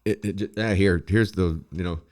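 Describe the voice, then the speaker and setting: A man's voice: sits low, fairly even intonation, normal speed, a little mellow. A man ranting bluntly in casual podcast chat, swearing freely. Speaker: podcast co-host.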